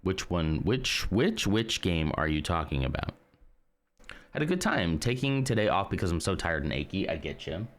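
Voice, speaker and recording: A man's voice: deep voice, big pitch swings, moderate pace. A man streaming live, chatting casually and rambling as he reads and answers his chat.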